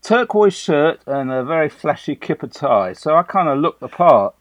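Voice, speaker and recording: A man's voice: fairly high pitch, big pitch swings, moderate pace, dry recording. An older man from England recounting a story in a chatty, anecdotal way, with fillers and restarts. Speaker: guest. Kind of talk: conversational storytelling.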